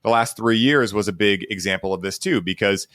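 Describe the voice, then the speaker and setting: A man's voice: lowish voice, fairly quick, a bit bright, no room sound, studio quality. A man hosting a podcast in a laid-back, slangy way, acting out quotes as he tells stories. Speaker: podcast host. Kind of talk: casual podcast chat.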